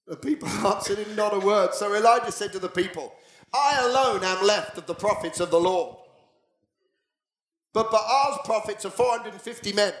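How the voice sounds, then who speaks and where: Pastor guy preaching in an echoey church, fairly high voice, gets loud and animated. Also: moderate pace. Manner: animated storytelling with bursts of shouting. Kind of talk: sermon.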